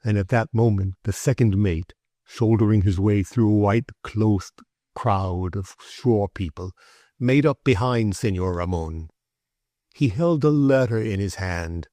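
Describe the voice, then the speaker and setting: Male audiobook reader, lowish pitch, dry close sound, measured classic-novel narration. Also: mellow, no room sound. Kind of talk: scripted narration.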